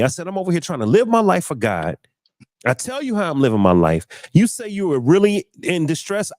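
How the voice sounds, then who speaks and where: A young man hosting a podcast, telling an animated story and acting out the voices in it. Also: a little high, no room sound, studio quality. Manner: acts out voices in his stories, preachy exclamations. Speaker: podcast host.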